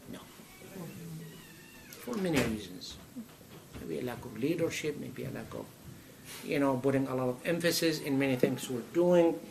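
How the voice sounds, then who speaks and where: A man giving a sermon in a mosque, animated and full of rhetorical questions. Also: medium pitch, creaky, a little hiss or hum, low-quality recording. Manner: animated, acts out a dialogue with God, rhetorical questions. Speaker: imam answering a question. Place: mosque hall.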